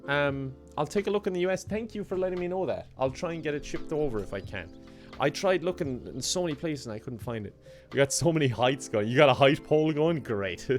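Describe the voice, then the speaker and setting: A young Irish man with a slightly high voice and brisk pace chats casually on a live game stream, reading out chat messages and thanking people in a relaxed manner. He laughs often, with soft music playing in the background.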